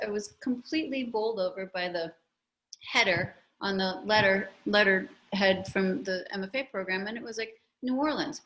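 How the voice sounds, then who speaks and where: This woman has a mid-range, fairly bright voice, heard over a low-quality video call. She is an author discussing her memoir in an interview, telling stories with animation and frequently restarting or wandering into asides.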